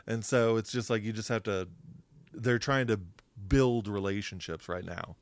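A man with a low, smooth, resonant voice co-hosts a podcast in a casual chat, explaining at length with plenty of fillers and restarts. He is recorded dry and close, with no room echo. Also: moderate pace. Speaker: podcast co-host.

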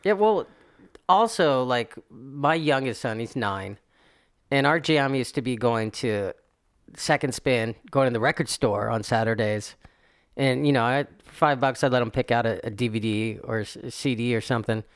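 An easygoing middle-aged man co-hosting a casual podcast, laughing easily between thoughts. His voice sits at a medium pitch. The recording is dry and close, with no room sound. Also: normal speed, no echo. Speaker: podcast co-host. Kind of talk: casual chat.

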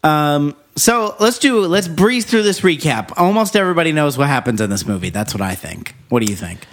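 A man co-hosting a podcast, recapping a movie in relaxed, casual chat with easy laughs and some swearing. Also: on the high side, a little fast. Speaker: podcast co-host.

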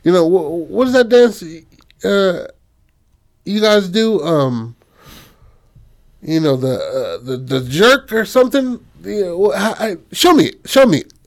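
A man voicing a pushy, clueless male mayor, pitched well above his own voice and louder. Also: unhurried, exaggerated voice. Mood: eager. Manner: high, excited, overeager pleading.

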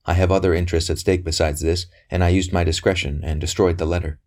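A man's voice: low-pitched, little pitch movement, quick pace, darkish tone, natural voice. A man reading aloud voices a young priest who speaks carefully and earnestly in a novel. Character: young earnest male priest, guarded courier. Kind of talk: audiobook character reading.

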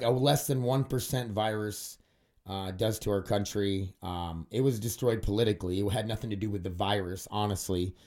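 A man's voice: on the low side, darkish tone. A man hosting a solo podcast monologue, rambling and swearing freely, with frequent fillers like "uh" and "dude". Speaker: podcast host.

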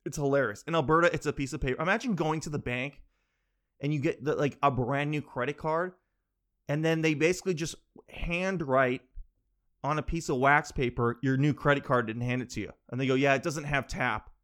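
A man doing a stand-up comedy monologue, telling a rambling, animated story with quick asides. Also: a little high.

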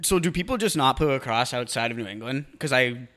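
A young man in casual comedic banter as co-host, speaking in a laid-back, halting way that often trails off. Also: medium pitch, expressive, pushed and bright.

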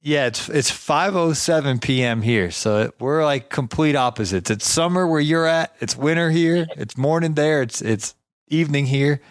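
A Georgia man hosts a casual interview podcast, chatty and self-deprecating, often restarting his sentences. His voice sits a little high, moves at a moderate pace, and has no echo.

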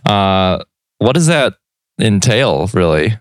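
A man's voice: on the low side, very animated, takes it slowly, dry recording, studio quality. A man co-hosting a casual podcast, easygoing and steering the talk back with questions. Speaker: podcast co-host.

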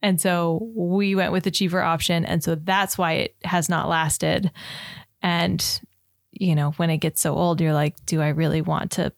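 A woman's voice: on the low side, little pitch movement, unhurried, vocal fry, no echo, clean studio sound. A woman co-hosting a casual podcast with her husband, laughing often and explaining money choices in a practical way. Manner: laughs often, talks things through with practical reasoning. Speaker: podcast co-host. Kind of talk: casual chat.

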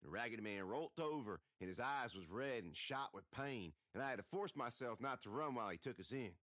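A man reads a first-person tale with folksy, expressive delivery. His pitch swings widely as he tells it. The sound is dry and close, with no room around it. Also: fairly quick, no echo. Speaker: audiobook narrator. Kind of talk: first-person storytelling reading.

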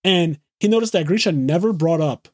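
A man hosting a podcast, excitedly recapping an anime episode in casual, profane, run-on talk. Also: on the high side, dry recording, studio quality. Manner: excited, swears freely, rapid run-on retelling. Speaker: podcast host.

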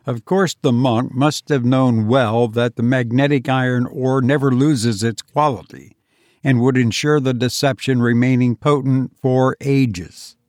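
A man reading an audiobook aloud in a measured, deliberate way. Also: medium pitch, fairly even intonation, darkish tone, dry recording, studio quality. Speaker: narrator. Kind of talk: audiobook narration.

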